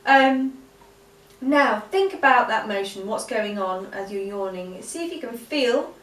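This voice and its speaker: A woman teaching vocal exercises in a relaxed, chatty way, with frequent ums. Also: on the high side, a little slow. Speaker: singing teacher. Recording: echoey room, voice a bit far from mic.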